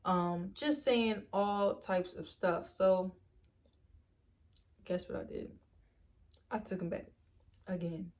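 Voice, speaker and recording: A young woman telling a storytime vlog in a chatty, animated way, acting out quoted lines and leaning on "like" and "literally". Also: fairly low pitch, takes it slowly, pauses often, a little hiss or hum. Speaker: storytime vlogger. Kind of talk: casual storytime.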